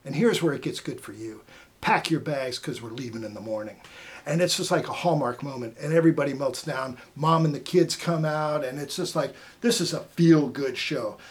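A middle-aged man from Maine, once the host of a TV hunting show, tells stories casually as a podcast guest. His voice sits in the mid-range at a normal speed, and he's an animated storyteller who acts out the voices of the people in his tales.

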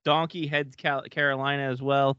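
A man's voice: medium pitch, level tone, moderate pace, pushed and bright, smooth, no echo, highs cut off. A man hosting a casual podcast chat, joking around and swearing freely. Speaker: podcast host.

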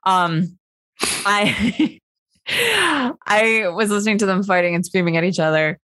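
A woman co-hosting a podcast, telling everyday stories in a lively, giggly way. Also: mid-range voice, unhurried. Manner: animated, giggly storyteller. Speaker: podcast co-host. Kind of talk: casual storytelling chat.

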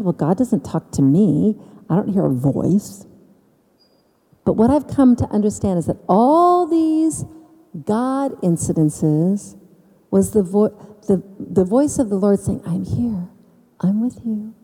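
A woman telling her personal faith story to an audience, with dramatic pauses and emphasis. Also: mid-range voice, dark tone, husky, long reverb tail. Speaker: speaker giving faith testimony. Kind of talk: personal testimony speech.

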